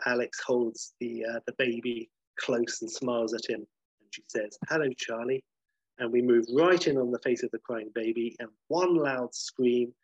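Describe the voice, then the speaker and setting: A man, casually pitching and reading out a film script, rambling and correcting himself as he goes. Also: husky, no echo, highs cut off. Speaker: podcast host pitching a film idea.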